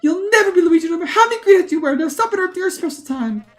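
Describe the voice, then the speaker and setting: A woman's voice: extremely high pitch, expressive, racing, voice pushed up. A woman voicing a frantic young female superfan who squeals and gushes breathlessly. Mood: shrill outrage.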